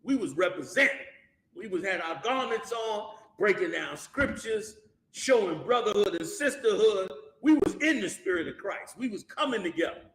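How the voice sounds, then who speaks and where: A man teaching a Bible class in a preaching style. He is animated, uses colloquial slang and keeps firing rhetorical questions at the class. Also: high voice, moderate pace. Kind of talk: preaching-style scripture lesson. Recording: echoey room.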